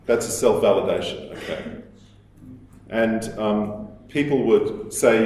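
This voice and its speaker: Guy giving a talk, low voice, big echoey hall, mic kinda far off. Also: a little mellow. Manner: measured, explanatory, with fillers and restarts. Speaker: lecturer. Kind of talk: lecture.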